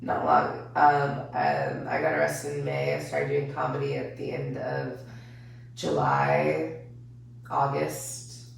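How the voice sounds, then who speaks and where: A woman's voice: extremely low pitch, sing-song, slow pace, vocal fry, slight background noise. A young woman comedian in casual chat, joking loosely, swearing and mocking herself. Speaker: comedian guest. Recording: echoey room, mic at a distance.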